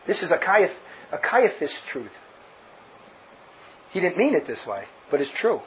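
Emphatic, mocking male commentator, fairly high voice, faint hiss underneath. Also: big pitch swings, unhurried, fairly bright tone. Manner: emphatic, sarcastic, laughs at his own jabs. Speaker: religious commentator. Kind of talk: ranting commentary on a speech. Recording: dull lo-fi with faint noise.

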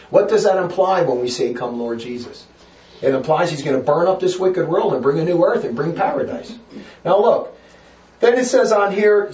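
High-voiced man preaching fiery sermon, roomy. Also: recorded from a distance, dull audio. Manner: fiery, emphatic, repetitive preaching.

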